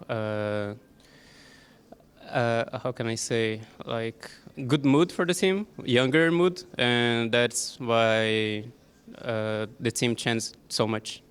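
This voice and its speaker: Slow, hesitant male player. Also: medium pitch, a bit bright, clear, resonant tone. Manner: hesitant, searching for words. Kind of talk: interview answers.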